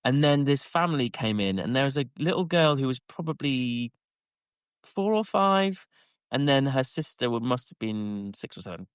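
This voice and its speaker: A man from England chatting on a podcast, winding through a story with plenty of laughter. His voice sits in a middle pitch and is recorded close and dry. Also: lively intonation, moderate pace, clean tone, no echo. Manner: rambling storyteller, laughs often. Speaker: podcast co-host. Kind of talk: casual chat.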